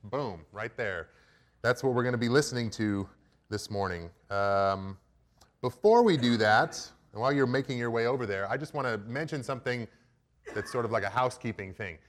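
A young man addresses his church congregation in a relaxed, joking tone, speaking plainly and directly. His voice sits at an ordinary middle pitch, neither deep nor high. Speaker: preaching minister. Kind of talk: casual sermon announcements. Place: church sanctuary.

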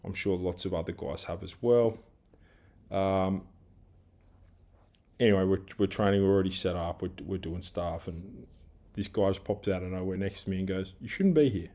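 A man with an Australian accent rants through a solo podcast segment. His voice sits low and dark, and he swears freely as he rambles through his grievances. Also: steady tone, moderate pace, long pauses. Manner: angry, heavy swearing, rambling rant; self-described big guy who coaches team training. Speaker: podcast host. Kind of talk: solo ranting monologue.

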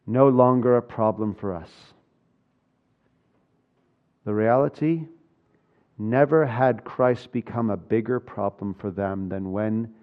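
A man's voice: fairly low pitch, dull audio. A man preaching a sermon, earnest and building to urgent, emphatic passages. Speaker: pastor.

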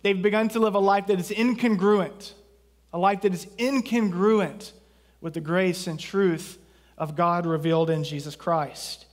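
A man's voice: sits high, fairly even intonation, unhurried. A man from southeast Texas preaching a sermon as pastor, in a conversational way with jokes and asides.

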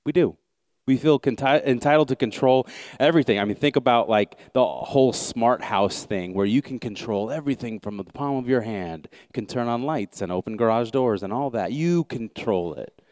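American man, pastor, conversational sermon, loose and chatty, smooth clear voice, dry close sound. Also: medium pitch, expressive, normal speed, darkish tone, dry recording. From United States. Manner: casual, conversational, with many fillers and restarts.

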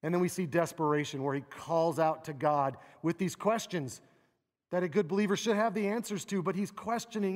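A man preaching a sermon, animated and expressive, acting out quoted laments with a rising voice. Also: high voice, a little fast. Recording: long reverb of a large hall.

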